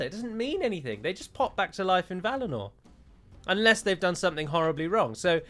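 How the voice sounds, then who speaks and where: A man's voice: fairly high pitch, fairly bright tone. A man giving joking, rambling let's play commentary on a strategy game, with a sarcastic streak.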